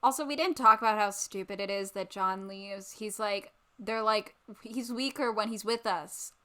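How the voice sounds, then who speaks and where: A woman's voice: medium pitch, moderate pace, fairly bright tone. A woman co-hosting a podcast, chatting casually in a sarcastic, rambling way with lots of ums. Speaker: podcast co-host. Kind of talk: casual chat.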